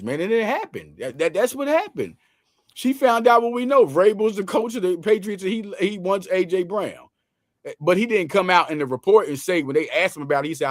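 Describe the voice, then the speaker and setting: Philly guy riffing on football, voice jumps up and down a lot, bit high, dry close sound. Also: no room sound. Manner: animated, loose slang, quick restarts. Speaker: sports show host. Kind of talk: casual sports talk.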